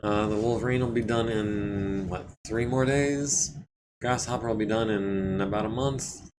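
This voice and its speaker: Low-voiced man, scratchy throat, game stream. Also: a little slow. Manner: relaxed, thinking aloud while managing repairs. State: scratchy throat, clearing it often. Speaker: streamer playing a strategy game. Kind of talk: casual let's-play commentary.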